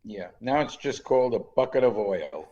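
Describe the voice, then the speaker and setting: A man in his sixties co-hosting a podcast, telling stories in a lively, chatty way and laughing often. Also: on the low side, normal speed, muffled recording. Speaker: podcast co-host. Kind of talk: casual chat.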